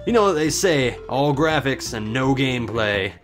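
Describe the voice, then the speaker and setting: Gamer guy narrating his playthrough, sarcastic and swearing, pitch all over the place, faint game music under him. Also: animated, normal speed. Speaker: let's play host. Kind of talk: casual gameplay commentary.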